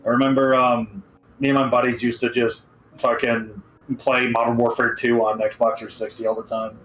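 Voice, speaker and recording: A man's voice: medium pitch, flat delivery, normal speed, a bit bright, slight background noise. Rambling, foul-mouthed young man on a roomy call. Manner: rambling, profane and self-mocking. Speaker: podcast co-host. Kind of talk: casual podcast chat. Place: home, on a voice-chat call.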